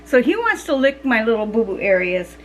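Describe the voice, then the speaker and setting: Woman, middle-aged, vlogger, casual chat, rambling with fillers, somewhat high voice. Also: sing-song, a little fast, slight background noise, rough recording. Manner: chatty, rambling, with frequent fillers and restarts.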